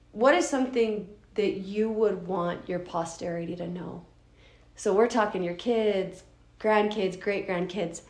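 A woman's voice: lowish voice, darkish tone, echoey room. A woman hosting a podcast, asking interview questions in an encouraging way. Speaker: podcast host.

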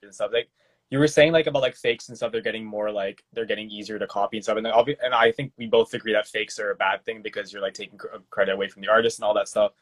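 A man in casual chat, asking halting questions full of fillers as interviewer. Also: lowish voice, steady tone.

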